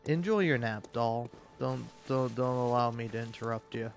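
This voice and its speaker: A man's voice: mid-range voice, moderate pace, faint music behind. A man giving sarcastic, profane, rambling commentary over a video game as he plays. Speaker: gaming video creator. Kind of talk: gameplay commentary.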